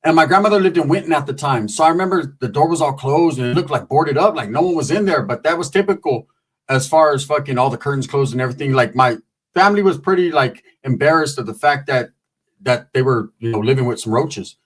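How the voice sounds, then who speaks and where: A man telling a comic story in a casual, profane, slangy way, breaking into squeaky voices when he quotes people. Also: quick pace, husky.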